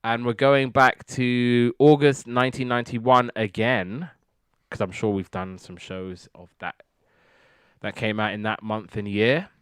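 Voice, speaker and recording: Rambling British podcast host. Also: male voice, medium pitch, steady tone, measured pace, a bit bright, clean tone, no room sound. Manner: enthusiastic, rambling with repeated words. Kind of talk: casual review chat.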